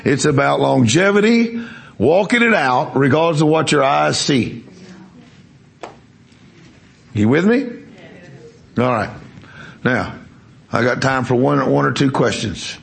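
A man's voice: mid-range voice, expressive, measured pace, vocal fry. A man preaching a sermon, telling a story with emphasis and quizzing the congregation. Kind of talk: sermon with testimony.

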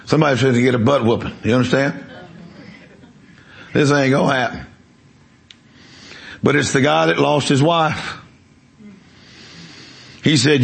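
A man's voice: medium pitch, measured pace, creaky, long pauses. A man preaching a sermon, telling a story emphatically and repeating words as he builds it.

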